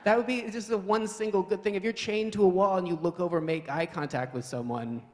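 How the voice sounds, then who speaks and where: A man's voice: sits high, fast. Wry man doing stand-up in a hall. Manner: wry, rambling, self-mocking. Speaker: comedian. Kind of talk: live stand-up comedy. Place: live event hall with an audience. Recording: live hall reverb.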